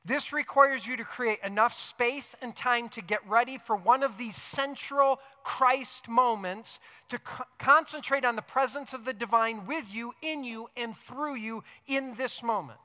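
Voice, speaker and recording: A man preaching a sermon earnestly, repeating key phrases for emphasis and dropping into soft, reflective tones. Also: very high-pitched, unhurried, few pauses, big-room sound. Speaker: pastor. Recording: music playing underneath.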